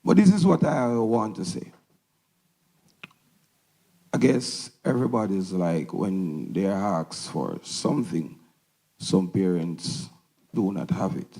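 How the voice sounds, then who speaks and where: Man, dark mellow tone, unhurried halting speech, emotional parent testimonial. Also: sits low, animated, gravelly, poor audio. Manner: halting, emotional, simple phrasing. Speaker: parent speaker. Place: symposium hall.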